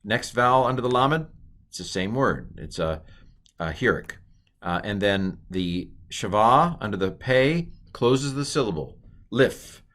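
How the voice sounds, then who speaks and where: A man with a fairly low voice teaches a relaxed lesson. He puts questions to the listener and answers them right away, filling the gaps with "uh" and "um.". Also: measured pace. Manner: asks questions then answers them himself, with frequent fillers. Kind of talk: informal Hebrew lesson, reading aloud.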